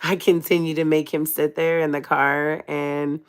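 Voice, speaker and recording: Speaking directly to her livestream viewers, a young woman vlogger confides an emotional personal story. Her low voice is clear and resonant, with a level tone at normal speed.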